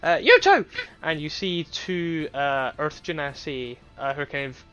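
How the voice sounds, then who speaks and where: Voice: medium pitch, unhurried, fairly bright tone, smooth, highs cut off, soft background music. A game master narrating a tabletop role-playing game.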